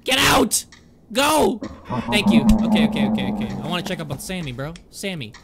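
A young man commenting on a horror game he is playing, excitable, yelling, laughing and talking back to the characters. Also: high-pitched, a little fast, vocal fry, over a noisy crowd. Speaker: gaming YouTuber.

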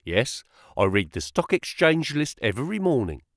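A man's voice: mid-range voice, big pitch swings, moderate pace, fairly bright tone, no room sound, studio quality. A man voicing an eager young clerk. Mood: earnest. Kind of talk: audiobook character voice.

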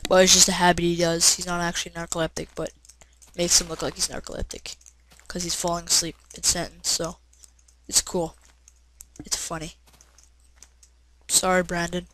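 Woman gamer, casual let's-play commentary, rambling, jumps to loud shouts, slightly low voice. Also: normal speed, long pauses, a little hiss or hum, rough recording. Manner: rambling and excitable, with many "uh" fillers and bursts of shouting. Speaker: gameplay commentator.

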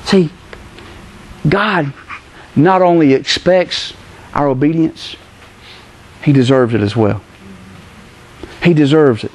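A middle-aged man preaching a sermon as pastor, animated, acting out the voices he quotes. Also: on the high side, slow, long pauses.

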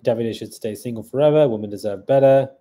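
A man's voice: mid-range voice, fast, dark tone. A man hosting a live stream in a casual chat, reading out viewer comments, thanking viewers and answering them on the fly.

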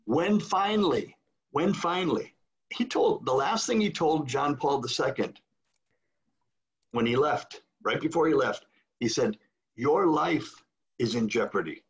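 A man's voice: on the high side, expressive, unhurried, long pauses. An older man, a retired priest, telling a story in a video call, acting out the voices of the people he quotes. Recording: dull lo-fi video call audio.

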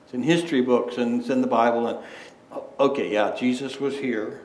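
In an echoey room, a man preaches as pastor with a mid-range voice, fairly even intonation, and a moderate pace. His sermon is conversational, full of rhetorical questions and frequent restarts.

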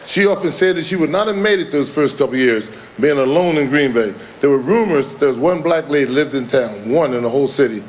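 A man's voice: medium pitch, fairly quick, few pauses, a little hiss or hum. A man in his seventies giving a Hall of Fame induction speech in a folksy, rambling manner, chuckling at his own jokes. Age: 70s. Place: large hall with audience.

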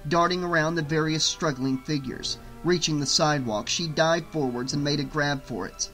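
A man narrating an audiobook in a steady, dramatic storytelling manner. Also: fairly high pitch, rough recording.

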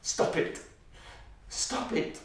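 A brooding, menacing father who looks back on a brutal childhood. His voice is sharp and tense and sits a little high. He is heard from some distance in a very echoey hall. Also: lively intonation, slow, a little hiss or hum, full character voice. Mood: tense, bitter. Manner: brooding and menacing, flaring into manic shouting. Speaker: actor in a stage play. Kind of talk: dramatic stage monologue.

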